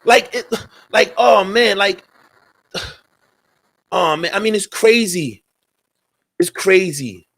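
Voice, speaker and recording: A man's voice: sits high, animated, slow pace, pauses often, a bit bright, breathy edge. A man hosting a talk radio show, speaking in a heated, profane commentary and repeating his points.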